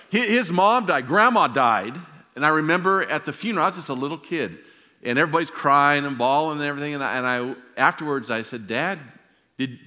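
A man in his sixties, a pastor telling stories in a sermon and swinging from loud to hushed. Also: medium pitch. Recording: long reverb of a large hall.

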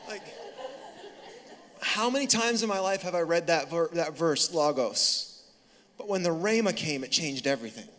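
A man in his thirties delivers a sermon in a high, bright, forward voice. He talks conversationally and tells stories with animated bursts and quick self-corrections. The sound carries a long reverb from a large church hall. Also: slight background noise. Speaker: pastor.

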